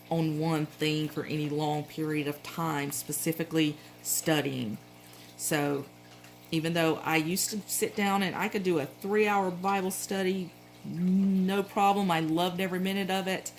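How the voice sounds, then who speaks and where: Southern lady rambling thru her planner stuff, low voice, little hum behind her. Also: rough recording. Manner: chatty, rambling, frequent self-corrections. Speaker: planner vlogger. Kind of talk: casual show-and-tell chat.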